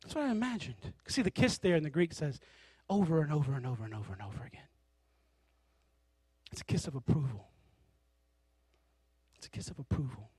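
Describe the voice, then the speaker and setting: High-voiced man preaching an animated sermon. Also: fairly quick, pauses often, slightly rough, no room sound. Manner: animated storytelling, acting out characters.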